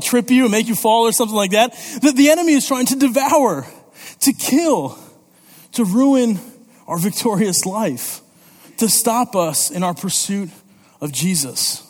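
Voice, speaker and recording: A man preaching a sermon as youth pastor, lively and conversational, often checking in with "okay?" and "all right?". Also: extremely high pitch, brisk. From Italy. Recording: long reverb of a church hall.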